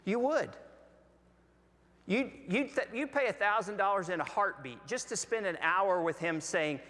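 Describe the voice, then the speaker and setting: A man with a Southern American accent preaching a sermon as pastor, slow and deliberate with long pauses. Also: high-pitched, lively intonation, fairly bright tone. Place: large church sanctuary. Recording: long hall reverb.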